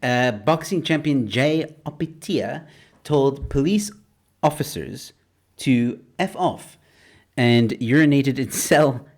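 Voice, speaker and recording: A man hosting a comedy panel, reading headlines in an unhurried way with many fillers and laughs. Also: medium pitch, lively intonation. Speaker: host.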